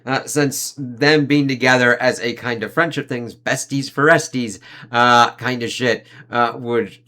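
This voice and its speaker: A man giving a casual, loose review of an anime season, swearing freely and leaning on fillers like "like" and "uh", with quick impressions of the characters he talks about. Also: mid-range voice, steady tone, bright, forceful tone. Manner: rambling, profane, heavy on fillers like "like" and "uh".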